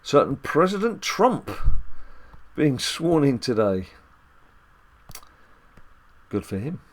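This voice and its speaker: A man's voice: medium pitch, big pitch swings, slow pace. A man hosting a casual mobile game let's-play at home, chatty and rambling with jokes and filler ums. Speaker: dad gaming channel host.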